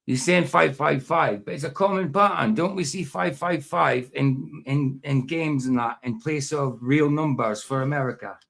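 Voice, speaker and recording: A man's voice: mid-range voice, gravelly, a bit bright. A man hosting a livestream, chatting casually and rambling while reacting to a video, laughing often. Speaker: livestream host.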